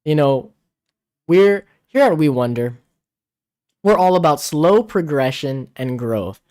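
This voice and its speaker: A man's voice: on the high side, expressive, slow, a little mellow. Chatty man reading viewer comments. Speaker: livestream co-host. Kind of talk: casual live-stream chat. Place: home in the Philippines. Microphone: camera-mounted mic, out of frame.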